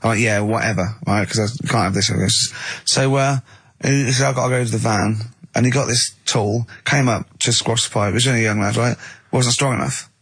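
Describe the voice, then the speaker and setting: A man's voice: mid-range voice, fairly even intonation, fairly quick, fairly bright tone, breathy edge, no room sound. A man co-hosting a comic radio show, spinning rambling anecdotes and acting out both sides of each conversation. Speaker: radio co-host. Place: radio studio.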